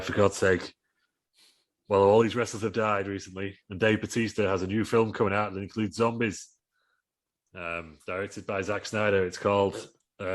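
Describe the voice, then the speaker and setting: A man co-hosting a podcast, telling a rambling comic story with laughs and fillers. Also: fairly low pitch. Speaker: podcast co-host. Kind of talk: casual comedic storytelling.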